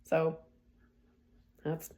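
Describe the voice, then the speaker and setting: A woman's voice: very slow, mellow. A woman hosting a podcast, telling stories in a chatty way, laughing often and acting out what people said. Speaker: podcast host. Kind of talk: casual storytelling.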